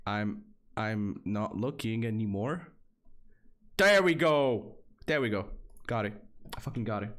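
A young man streaming flash games live, excitable and repetitive, swearing often and jumping between flat mutters and sudden high outbursts. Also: moderate pace. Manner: excitable, repetitive, swears, lively swings in pitch. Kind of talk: live game stream commentary.

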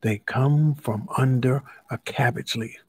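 A man's voice: mid-range voice, steady tone, takes it slowly, slight background noise, close to an everyday voice. A man voicing a stubborn alligator in a children's story who insists on his point. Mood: insistent. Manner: insistent, shouting back.

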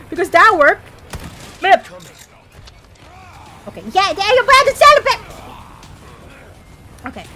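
A woman's voice: very high-pitched, noisy background. A woman streaming a horror game, chatting casually, panicky and jokey, bursting into shrieks and laughter. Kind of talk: casual gameplay commentary.

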